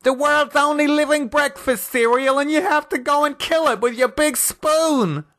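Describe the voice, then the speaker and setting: A man voicing a bossy middle-aged wife in an audio horror story, with a sharp, scolding high voice. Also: normal speed, no room sound, studio quality.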